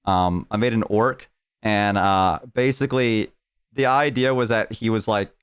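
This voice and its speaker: A man's voice: fairly low pitch, fairly even intonation, measured pace, smooth. A young man streaming, telling a long story in casual, rambling, profane chat full of "like". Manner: rambling, profane, heavy use of "like".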